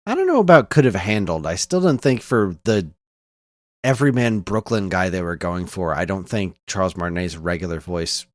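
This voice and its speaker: Low-voiced, easygoing male podcast co-host. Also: animated, moderate pace, no room sound. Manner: easygoing, laughs often. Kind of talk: casual chat.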